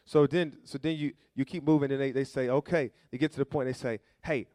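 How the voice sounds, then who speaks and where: A man's voice: mid-range voice, steady tone, fast, mellow, no echo, clean studio sound. A man pastor preaching a sermon, with call-and-response questions to the congregation and folksy, conversational storytelling.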